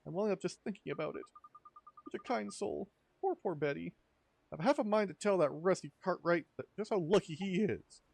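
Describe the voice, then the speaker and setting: A man's voice: sits high, lively intonation, a little fast, gravelly, darkish tone, pitched above the performer's own voice, exaggerated voice. A man voicing a chatty old neighbor woman who gossips in a fussy, sympathetic way. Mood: gossipy. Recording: faint music behind.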